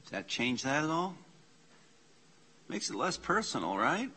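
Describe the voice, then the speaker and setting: A man leading an informal church class, slowly reading out Greek scripture and explaining the grammar with casual asides. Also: on the high side, big pitch swings, pushed and bright, breathy edge. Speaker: Bible study teacher. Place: church meeting room.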